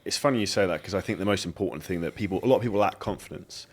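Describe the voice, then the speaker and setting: Fast-talking blunt man, very low voice. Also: breathy edge. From Dubai. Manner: blunt, outspoken, swears freely. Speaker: podcast host. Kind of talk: casual interview chat.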